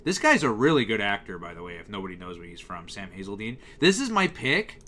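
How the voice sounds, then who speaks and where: A man's voice: fairly low pitch, very animated, fast, pushed and bright. A young man giving a casual, exasperated rant about a TV channel's schedule, full of fillers and restarts. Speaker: youtuber reviewing TV schedules. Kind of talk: casual ranting commentary.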